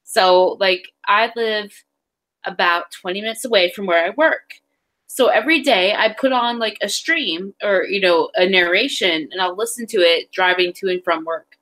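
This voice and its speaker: An adult woman chats on a home stream, blunt and plainspoken. She offers reassurance in a matter-of-fact way. Her voice sits at an ordinary middle pitch. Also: moderate pace, a bit bright, poor audio. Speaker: guest in the stream. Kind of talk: casual chat.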